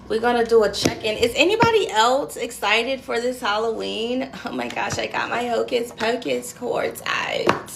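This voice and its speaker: Woman, tarot reader, live stream, slightly high pitch, slow chatty delivery, affectionate and slangy, background hiss. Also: animated, creaky. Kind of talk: live-streamed card reading.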